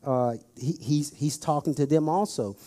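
A man's voice: fairly high pitch, moderate pace, warm tone. A middle-aged man preaching a conversational sermon, telling stories and putting questions straight to his listeners. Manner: folksy, storytelling, addresses the audience directly.

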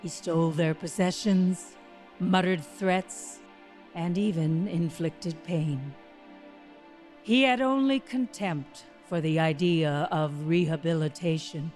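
A woman narrating a true dramatization in a measured, grave storytelling voice. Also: fairly low pitch, darkish tone, soft background music. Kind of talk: scripted narration.

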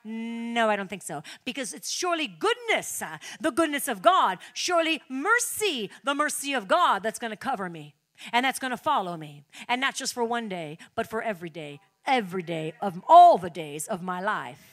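Woman pastor, sermon, higher voice, quiet talk swelling to shouted praise. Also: big pitch swings, normal speed.

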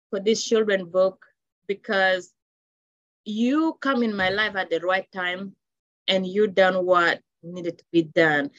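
Woman from africa, emotional and halting, lots of restarts, muffled dry recording. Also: mid-range voice, steady tone, a bit bright, dry recording. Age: adult with children. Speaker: children's book author. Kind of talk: heartfelt interview talk. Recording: dull dry lo-fi sound.

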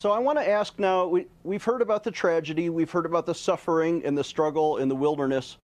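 Man, interview host, fairly high voice, measured deliberate questions.

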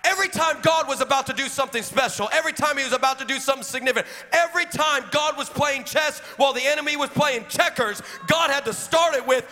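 A man preaching and praying to a church congregation, shouting his points and repeating them in call-and-response. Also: extremely high pitch, fast talker, few pauses. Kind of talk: sermon and prayer. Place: church sanctuary. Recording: long reverb of a large hall.

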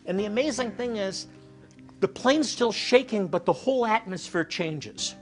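A man preaching a sermon, telling stories and dropping to a soft hush for emphasis. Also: high voice, lively intonation, moderate pace. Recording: faint music behind.

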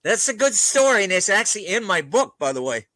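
An older man tells stories as an interview guest. He chuckles often and keeps a relaxed, anecdotal flow. His voice is high and bright, and the recording is dry and close. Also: brisk, dry recording, low-quality recording. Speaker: guest author.

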